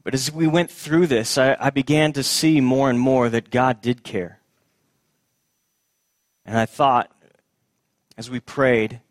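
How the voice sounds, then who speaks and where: A man delivering a heartfelt sermon from the pulpit, earnest and unhurried, repeating his main lines to drive them home. His voice sits at an everyday middle pitch and sinks quiet and low when the talk turns tender. The sound is close and dry, with little room around it. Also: dry recording. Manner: earnest, repeats key phrases for emphasis. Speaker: pastor.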